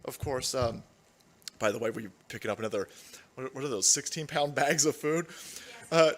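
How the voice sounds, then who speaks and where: A man's voice: medium pitch, moderate pace, long pauses. A man hosting a casual live-stream show from home, rambling loosely with crude jokes and frequent laughter. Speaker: livestream show host.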